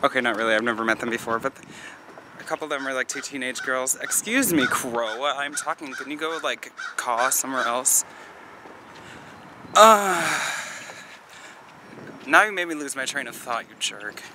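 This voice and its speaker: A man's voice: mid-range voice, moderate pace, long pauses, background noise. A man in his twenties, vlogging outdoors in a goofy, self-mocking, rambling way. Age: 20s. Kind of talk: joking outdoor vlog. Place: outdoors on a nature trail.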